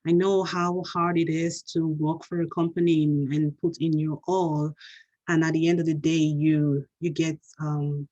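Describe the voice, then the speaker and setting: A woman acting as a counselor in a role-play session. She speaks gently and haltingly, with many fillers and restarts. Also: low-pitched, level tone, lo-fi sound. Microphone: video call.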